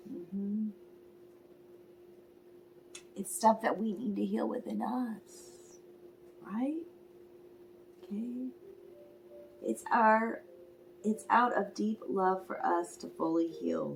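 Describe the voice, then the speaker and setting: A woman giving a spiritual tarot reading to her viewers, talking softly and emotionally, often half-whispering. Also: lowish voice, gravelly, a little hiss or hum. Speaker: tarot reader.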